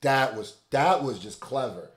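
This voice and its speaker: A man hosting a reaction video, commenting casually with loud excited exclamations and repeating lines back. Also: mid-range voice, unhurried, echoey room, music in the background.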